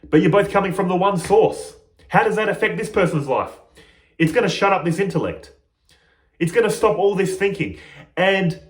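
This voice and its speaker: A man's voice: sits high, roomy sound. A man speaking as a spiritual teacher in a reflective monologue, playful and often laughing at himself.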